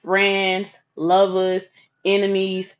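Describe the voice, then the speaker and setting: A woman's voice: mid-range voice, monotone, drawn-out words, lo-fi sound. A woman quoting a blunt older male mentor. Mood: stern advice. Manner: blunt, profane, lecturing.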